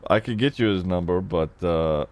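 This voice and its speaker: A man's voice: low-pitched, normal speed, no room sound. A man streaming a game role-play, muttering his thoughts aloud in casual chat and swearing a lot.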